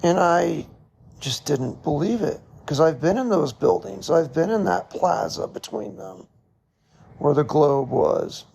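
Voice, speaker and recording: A middle-aged man hosting a podcast, telling a personal story in a slow, reflective way with short laughs. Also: a little high, animated, a little mellow. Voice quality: gravelly, husky. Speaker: podcast host.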